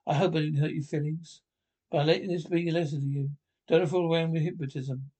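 A woman's voice: low voice, fairly even intonation, fairly quick, warm tone, slightly rough. An actress playing a sensible cavewoman wife in a 1960s cartoon, lecturing her husband. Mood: scolding.

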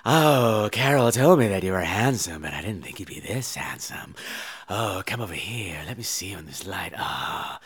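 A man impersonating an aging woman film star, vampy and seductive, in a breathy, drawn-out purr. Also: low-pitched, animated, dry recording, voice pushed down, full character voice.

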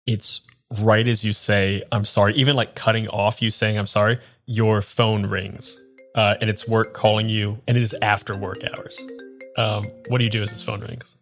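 A woman's voice: very deep voice, little pitch movement, moderate pace. Woman, game master, casual narration, faint music behind. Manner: casual and laughing, mixing narration with prompts.

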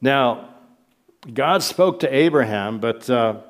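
A man's voice: mid-range voice, expressive, takes it slowly. A middle-aged man preaching a sermon, earnest and repeating phrases for emphasis.

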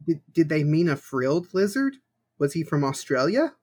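A man's voice: fairly high pitch, big pitch swings, moderate pace, a little mellow. A man co-hosting a podcast in casual chat, wry and thoughtful, laughing easily. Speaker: podcast co-host. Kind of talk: casual chat reviewing a tokusatsu show.

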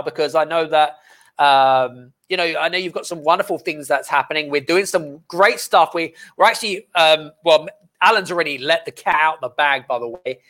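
A man hosting a podcast interview, talking in a relaxed, affirming way with drawn-out pauses. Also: a little high. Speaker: podcast host. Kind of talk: casual conversational interview.

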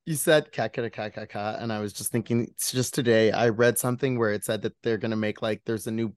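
A man's voice: on the low side, steady tone, a little fast, no room sound. A man hosting a podcast in casual chat, chatty and profane, laughing often. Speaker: podcast host.

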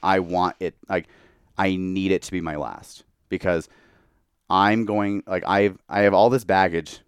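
Deep-voiced tipsy young man, candid. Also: steady tone, a little slow, clear, resonant tone, no room sound, clean studio sound. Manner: candid, heavy use of "like". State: tipsy from tequila. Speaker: podcast guest. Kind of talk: casual chat.

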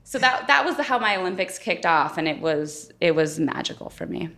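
A woman's voice: on the low side, lively intonation, normal speed, vocal fry, fairly bright tone. A woman interviewed as a guest, telling her story candidly and thoughtfully in conversation. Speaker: guest, former Olympic figure skater.

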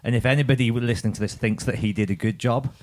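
A man's voice: medium pitch, quick pace. A man co-hosting a podcast, chatting casually about a film and swearing freely. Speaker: podcast co-host.

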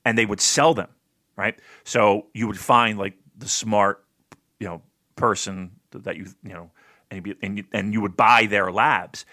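A man from New Jersey co-hosting a podcast, chatting casually, animated, laughing often and swearing freely. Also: on the low side, moderate pace. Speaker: podcast co-host. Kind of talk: casual chat.

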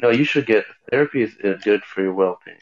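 A man's voice: on the low side, fast talker, highs cut off. A man in his thirties in a group voice chat, needling and lecturing the others. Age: 30s. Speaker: voice chat participant.

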